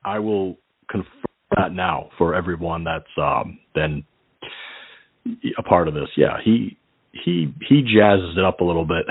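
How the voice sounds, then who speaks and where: Low-voiced man hosting crude call-in radio. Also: no echo. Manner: crude jokes, frequent laughter, rambling. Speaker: radio show host. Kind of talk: casual call-in radio banter. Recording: tinny phone-like line.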